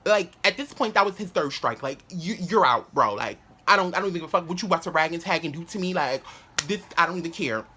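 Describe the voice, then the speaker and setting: A man's voice: a little high, lively intonation, quick pace, bright, forceful tone, breathy edge. A man telling a story to camera in a casual vlog, rambling with lots of "like" fillers, restarts and swearing. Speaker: vlogger.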